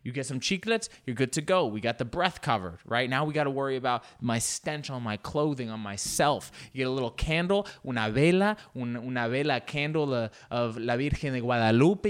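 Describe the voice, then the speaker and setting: A man telling a loose, rambling comic story with many fillers and playful asides. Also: a little high. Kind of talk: storytelling comedy monologue.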